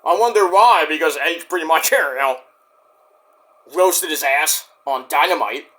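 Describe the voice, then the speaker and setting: In an unhurried, slightly high voice, a man reviews a wrestling show as he watches it. The casual commentary is excitable and profane, and he acts out the wrestlers' lines in promo style.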